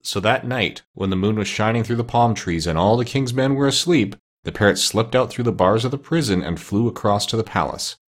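A male narrator reading a children's book aloud at an even, steady pace. His voice sits low and has a husky grain. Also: fairly quick, hardly any pauses. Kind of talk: audiobook reading of a children's novel.

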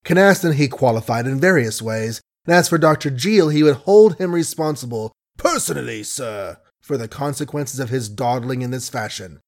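A man narrating an audiobook in a measured storytelling manner. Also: medium pitch, lively intonation.

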